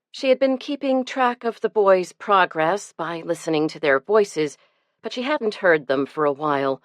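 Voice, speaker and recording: A woman narrating an audiobook in a measured, expressive storytelling way. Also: fairly low pitch, dry recording.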